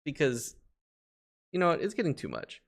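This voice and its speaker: Swearing, lively-voiced male streamer. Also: a little high, normal speed, gravelly. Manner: swears a lot and gets loudly frustrated. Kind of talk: casual live-stream gameplay commentary.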